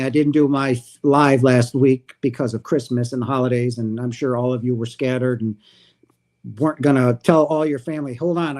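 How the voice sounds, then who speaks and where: Animated man telling a spiritual story. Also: mid-range voice. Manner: animated, acts out quoted dialogue. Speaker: livestream host.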